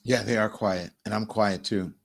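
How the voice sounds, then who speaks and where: Animated man hosting a commentary show. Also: on the low side, moderate pace, gravelly. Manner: animated, repeats phrases for emphasis, addresses viewers directly. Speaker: show host. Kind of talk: live political commentary monologue.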